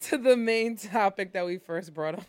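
A woman's voice: mid-range voice, normal speed, a little mellow, no room sound. A young woman co-hosting a podcast, joking around in playful, slangy casual chat. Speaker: podcast co-host.

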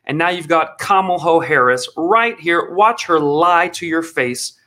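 A man hosting a political commentary show, his voice sitting a little high. He rants sarcastically and mocks what he plays, building up with scorn. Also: a little slow, bright, forceful tone. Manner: sarcastic, mocking. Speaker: commentary host.

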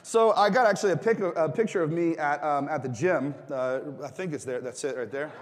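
A fairly high-voiced man preaches to his congregation in a loose, joking way, with filler words, and keeps asking them to answer back. His voice rings out with a long reverb tail from the church hall. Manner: casual, joking, asks the congregation questions. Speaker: pastor. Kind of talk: sermon.

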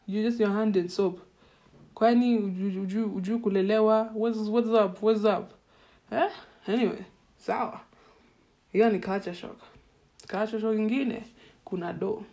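A young woman from Kenya with a Kenyan accent, telling personal stories in a casual, animated way and acting out her own reactions. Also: mid-range voice. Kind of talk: casual storytelling.

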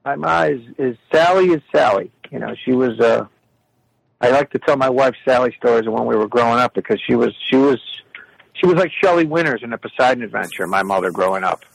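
A man telling rambling comic stories in a casual, profane, animated way. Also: medium pitch, fairly quick, gravelly, dry recording, poor audio. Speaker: regular of the show. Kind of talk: casual comedic storytelling.

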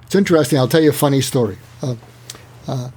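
In a fast, husky, mid-range voice, an author being interviewed walks through techniques in a conversational way. He's animated, performing dialogue examples out loud.

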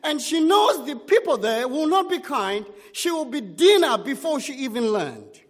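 A man's voice: extremely high pitch, very animated, normal speed, long reverb tail. A man preaching a sermon, telling a story in short, dramatic phrases.

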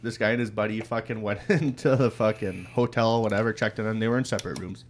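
Fairly low in pitch and fairly even in intonation, this young co-host talks fast while sharing a work story on a podcast, relaxed, profane, and frequently laughing mid-sentence in casual storytelling chat.

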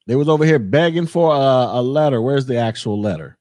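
A man's voice: mid-range voice, fairly quick, no room sound, clean studio sound. A man hosting an opinionated commentary podcast, talking sarcastically and straight to his listeners. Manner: sarcastic, animated, addresses listeners as y'all. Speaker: podcast host.

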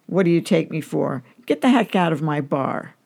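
Woman reading curt skeptical barman, gravelly, low-ish. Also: expressive, normal speed, a little mellow, exaggerated voice. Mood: impatient. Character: skeptical, impatient male barman.

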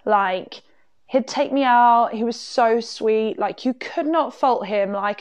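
A woman's voice: on the high side, measured pace, clear, resonant tone, no echo. Chatty, candid woman podcaster, dry sound. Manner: candid, chatty, self-mocking, many "like"s. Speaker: podcast host. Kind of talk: casual storytelling.

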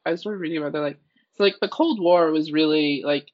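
A man's voice: fairly high pitch, quick pace. A man co-hosting a podcast in casual chat, thinking aloud and hesitating often. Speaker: podcast co-host. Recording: dull lo-fi sound.

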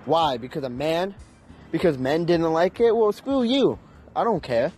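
A man's voice: a little high, expressive, measured pace, a little mellow, husky, faint music behind. A young man ranting in an unscripted, heated and profane way, with emphatic delivery. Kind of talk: unscripted rant.

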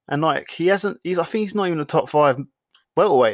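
A man's voice: on the high side, fast, no echo. Swearing man rambling on a podcast. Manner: rambling, swears often, restarts sentences. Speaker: podcast host. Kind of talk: casual solo commentary.

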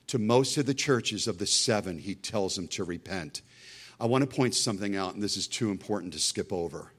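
A middle-aged man preaching a sermon as a pastor, emphatic and full of storytelling asides. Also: lowish voice.

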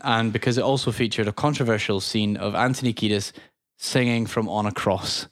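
A young man, co-hosting a podcast in casual chat and speaking in a dry, deadpan way. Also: fairly low pitch, fairly quick. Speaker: podcast co-host.

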